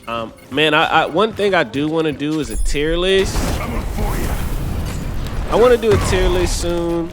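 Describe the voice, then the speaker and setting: A man's voice: fairly high pitch, lively intonation, measured pace, pauses often. A young man giving laid-back, chatty commentary over his own gameplay as a gaming channel host. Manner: laid-back, chatty, laughs often, says "man" and "brother". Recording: loud game music underneath.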